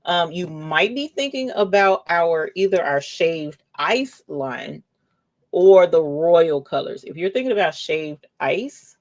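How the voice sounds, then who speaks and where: A woman's voice: lowish voice, takes it slowly. A woman hosting a casual craft livestream, playfully reading viewer comments aloud and calling out cheerful greetings. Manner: playful, lively, calls out "holler" and "yes, honey".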